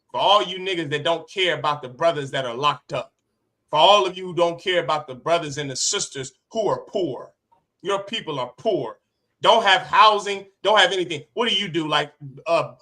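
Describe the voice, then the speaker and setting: A man preaches to a class with a fiery, forceful delivery and a fairly high voice. His tone is sharp and bright, and he hammers points home by repeating phrases. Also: moderate pace. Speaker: teacher of a religious class. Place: classroom with others present.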